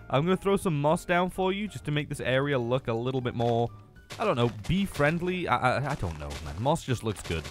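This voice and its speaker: A young man giving playful, excitable commentary on his Minecraft game, taunting the mobs and laughing often. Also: mid-range voice, fairly quick, faint music behind. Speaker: gaming YouTuber. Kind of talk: Minecraft let's-play commentary.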